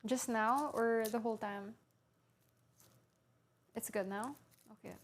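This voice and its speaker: A woman's voice: fairly high pitch, slow pace. A woman streaming live from her home kitchen, chatting playfully while cooking and answering her chat aloud.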